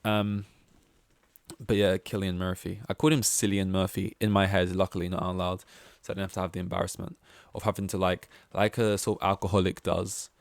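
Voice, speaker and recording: A man's voice: low voice, little pitch movement, a little fast, gravelly, no room sound, studio quality. A young man hosting a casual solo podcast, rambling and chatty, with self-deprecating asides and lots of fillers. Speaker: podcast host.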